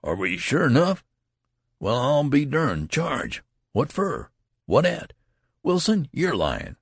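A man's voice: a little high, big pitch swings, takes it slowly, husky, dry recording, clean studio sound, pitched above the performer's own voice, heavily acted. A man voicing a doubting rustic male soldier in an audiobook, with a folksy, incredulous manner.

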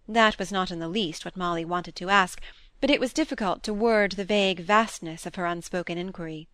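A woman reading a classic novel aloud as audiobook narrator, in a measured storytelling voice. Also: on the low side, fairly bright tone, no echo. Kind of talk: scripted narration.

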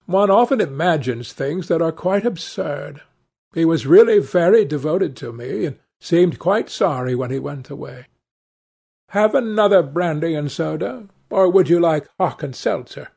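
A man reading aloud, voicing a petulant, languid young gentleman in an airy, careless tone. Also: on the high side, expressive, a little slow, vocal fry, breathy edge, full character voice.

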